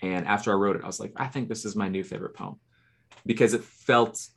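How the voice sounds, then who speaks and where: A man who is a poet, talking earnestly in a casual podcast, halting and restarting often. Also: on the low side, creaky, fairly bright tone, slightly rough.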